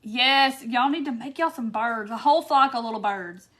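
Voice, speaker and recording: Hosting a live craft tutorial, a woman chats casually and reads out viewer comments by name, often breaking into giggles and laughter. Her voice is slightly high with a fairly bright tone, at a moderate pace.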